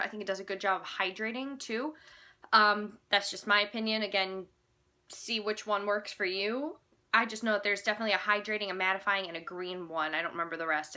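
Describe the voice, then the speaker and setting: A woman's voice: medium pitch, sharp tone. A young woman vlogger chatting casually to camera, rambling and correcting herself as she goes. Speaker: beauty vlogger.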